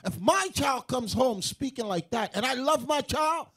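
A man teaching in a religious group, preaching emphatically to a room of people and rising into shouts to drive points home. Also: very high-pitched, animated, normal speed.

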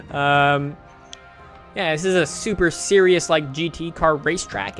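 A man commenting on his racing game play in a chatty, self-mocking way, with sudden excited outbursts. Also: a little high, moderate pace, faint music behind. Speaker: gaming channel host.

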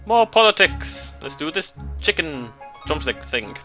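Animated, bright-voiced British man. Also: measured pace, soft background music. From Britain. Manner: playful, jokey, animated reading with sudden pitch jumps. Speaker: let's play host. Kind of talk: game let's play, reading text aloud.

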